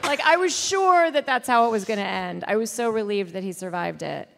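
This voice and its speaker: A woman's voice: medium pitch, expressive, fairly quick, vocal fry, a bit bright, long reverb tail. A woman interviewer chatting with a guest, reacting to the guest's story. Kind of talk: conversational interview.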